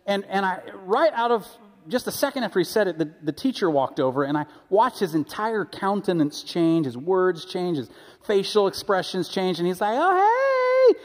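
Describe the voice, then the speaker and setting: Guy pastor giving a sermon, high-ish voice, storytelling and chatty, long church echo. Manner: conversational, animated storytelling with frequent restarts. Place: church sanctuary.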